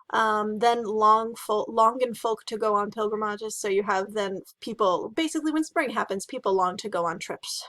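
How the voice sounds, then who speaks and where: A woman's voice: a little high, no room sound. Chatty woman teaching history, dry sound. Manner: chatty, animated, with fillers and laughs. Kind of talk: casual lecture.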